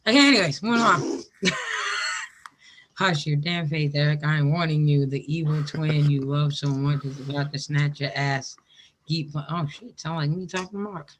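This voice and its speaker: Man, stream host, brash, teasing, bright tone. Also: fairly high pitch, slight background noise. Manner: brash, teasing, quick to laugh. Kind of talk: casual group chat on a live stream.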